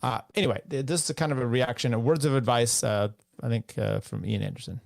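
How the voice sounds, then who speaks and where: Gravelly-voiced podcast host, loose and rambling. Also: male voice, medium pitch, fast talker, dry recording, studio quality. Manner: loose, rambling, many uh fillers. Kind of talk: casual podcast commentary between clips.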